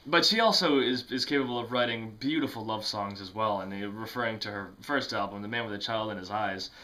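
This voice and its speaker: A man's voice: on the low side, fairly quick, bright, forceful tone. A man talking casually to camera about music he loves, rambling with lots of fillers, restarts and self-mocking asides. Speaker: music vlogger.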